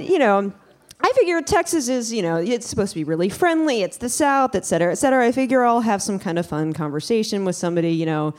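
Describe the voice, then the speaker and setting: A young woman telling a personal story to an audience, chatty and wry, with many fillers. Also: fairly high pitch.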